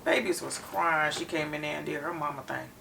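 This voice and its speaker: A woman co-hosting a reaction show, recapping an episode in an animated, detailed storytelling way. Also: deep voice, fairly quick, creaky, distant mic, noisy background. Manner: expressive storyteller, retells scenes in detail.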